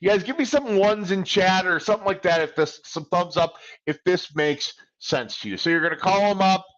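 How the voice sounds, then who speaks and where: A man's voice: high voice, a little fast, fairly bright tone, lo-fi sound. A man giving a live credit repair coaching talk, animatedly acting out phone calls.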